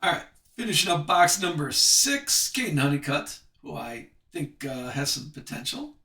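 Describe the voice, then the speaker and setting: Chatty guy running a card break stream, fairly high bright voice, echoey room, drifts off mic. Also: very animated, gravelly, recorded from a distance. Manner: chatty, reads card names off quickly. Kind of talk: live card break commentary.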